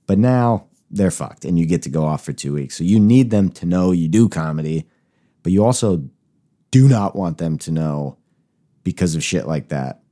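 Deep, mellow-voiced podcast host. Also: male voice, lively intonation, normal speed. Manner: loose, rambling, swearing, self-mocking asides. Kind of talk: casual chat.

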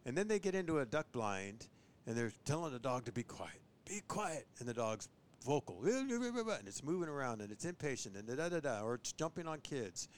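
A man who trains bird dogs, chatting on a podcast and giving tips, who often acts out owners and dogs in a higher voice. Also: fairly quick. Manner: animated, mimics owners and dogs in a high voice. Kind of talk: casual podcast chat.

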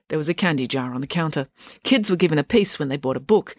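A woman author narrating a chapter of her own book in a wry, steady storytelling manner. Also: sits low, quick pace, dry recording, studio quality. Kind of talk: audiobook narration.

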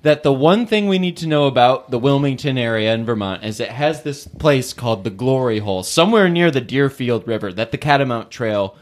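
A man's voice: medium pitch, expressive, fairly quick, few pauses. A man telling an enthusiastic story in a casual chat as a co-host.

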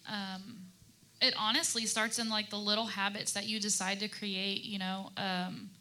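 Woman in her 30s, church panel talk, bright voice but pretty flat, earnest, lots of ums. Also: medium pitch, moderate pace. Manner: earnest and even, with fillers. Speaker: panelist speaking to moms. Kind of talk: faith-based panel talk.

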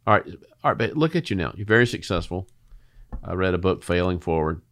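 A man with a fairly low voice hosts a relaxed faith conversation. He teases his guest with playful questions, then moves into preacher-style reflection. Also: a little fast. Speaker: host.

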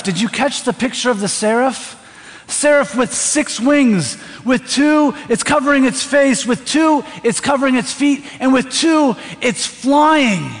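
A man preaching a sermon in a church, talking conversationally and often putting questions to the congregation. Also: very high voice. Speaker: pastor. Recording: reverberant hall.

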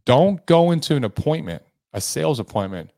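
A man's voice: on the high side, sing-song, brisk, vocal fry, warm tone, no room sound, studio quality. A man hosting a sales coaching podcast, talking earnestly and with emphasis. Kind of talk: motivational podcast monologue.

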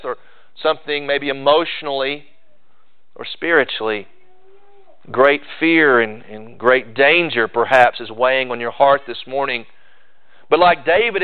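A man's voice: mid-range voice, smooth. Earnest preacher man, tinny phone-like sound. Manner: earnest, measured preaching with slow emphatic pauses. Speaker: pastor. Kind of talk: sermon.

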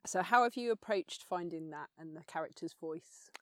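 A woman's voice: lowish voice, moderate pace, no echo. Thoughtful woman interviewer, long questions. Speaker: podcast host, interviewer. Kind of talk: conversational interviewing.

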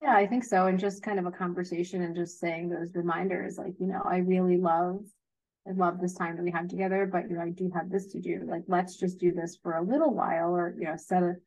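A woman who teaches young children, giving advice in a thoughtful, gentle way. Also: on the low side, little pitch movement, fairly quick, rough recording. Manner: thoughtful, gentle, hedging with fillers. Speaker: early childhood educator. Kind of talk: casual advice chat.

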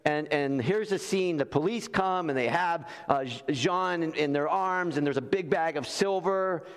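A man's voice: a little high, normal speed, smooth. A man preaching a sermon as pastor, earnest and conversational, who repeats key phrases for emphasis. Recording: long reverb in a large hall.

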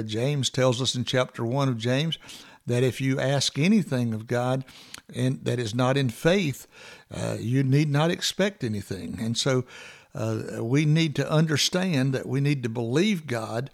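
A man with a gravelly, fry-edged voice leads a morning devotional podcast. He talks in a loose, unscripted way, pausing often with fillers and restarting his sentences as he reflects on scripture. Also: medium pitch. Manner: halting, many fillers and restarts. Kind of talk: informal devotional talk.

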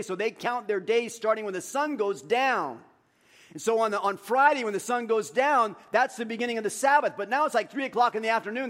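A middle-aged man, a pastor, preaching a sermon with animated personal stories and earnest scripture reading. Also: a little high. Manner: storytelling, animated anecdotes then earnest reading.

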